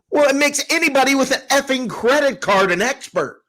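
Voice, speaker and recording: A man co-hosting a casual sports talk show, ranting with sarcasm and mocking others' calm know-it-all tone. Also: very high-pitched, moderate pace. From Tampa. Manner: animated, sarcastic, mocks others in a calm put-on voice. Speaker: co-host.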